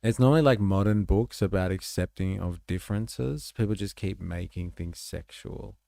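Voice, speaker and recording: A man's voice: low voice, normal speed, creaky, warm tone, no room sound, clean studio sound. A man hosting a live stream, chatting casually and reacting to clips with swearing and laughter. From Australia.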